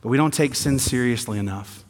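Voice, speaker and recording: A man from the American South, preaching a sermon that swings between quiet emphasis and rising intensity, with sarcastic asides. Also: medium pitch, a little fast. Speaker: pastor. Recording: long hall reverb.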